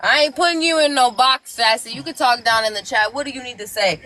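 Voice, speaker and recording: Brash high-pitched woman livestreamer. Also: fast talker, few pauses, bright, forceful tone, a little hiss or hum. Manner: brash, profane, mocking. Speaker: livestream host. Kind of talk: casual livestream chat.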